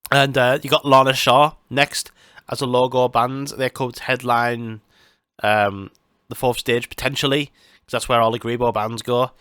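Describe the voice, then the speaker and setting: Male podcast host, loose unscripted rambling full of swearing, bright voice, dry recording. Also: mid-range voice, little pitch movement, moderate pace, clean tone, no echo. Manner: rambling, sweary, many fillers and restarts. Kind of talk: casual solo chat.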